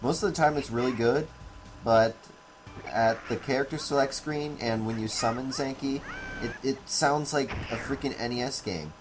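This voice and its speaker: A man's voice: medium pitch, moderate pace. A man narrating a casual game review in a rambling, offhand way. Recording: noisy home recording.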